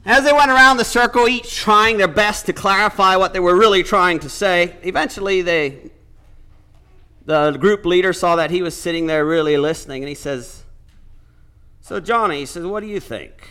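A man's voice: high-pitched, normal speed, pushed and bright, clean tone. A man preaching a sermon, retelling a story with quoted speech and building to emphatic points.

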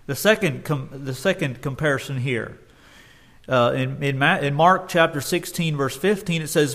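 A man's voice: mid-range voice, expressive, moderate pace, fairly bright tone. A man preaching a sermon earnestly, often restarting his phrases and rising in force when he quotes scripture.

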